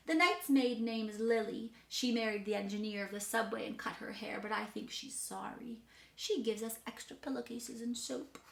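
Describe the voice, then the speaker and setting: A woman's voice: a little high, vocal fry. A woman voicing a precocious, mischievous six-year-old girl who lives in a hotel, in a chatty, boastful storybook monologue. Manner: chatty, boastful, matter-of-fact child monologue. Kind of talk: dramatic reading of a storybook character. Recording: roomy echo.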